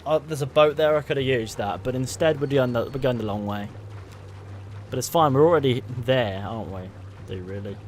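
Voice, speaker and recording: A man's voice: mid-range voice, a little fast, slight background noise. A man doing casual, sweary live commentary while playing a game and bantering with his chat. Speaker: streamer.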